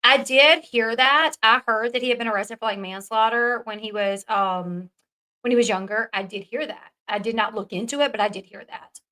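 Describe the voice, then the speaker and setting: Woman commentary host, bright, emphatic, casual swearing. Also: a little high, moderate pace, poor audio. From American South.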